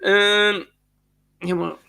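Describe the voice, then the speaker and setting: A man's voice: flat delivery, very slow, pushed and bright. A man with an Australian accent co-hosting a casual live-stream chat, congested from a cold, joking and reading out viewer comments. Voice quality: husky, low "sexy" voice from a cold. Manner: joking, teasing, reads viewer chat aloud. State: congested, blocked nose.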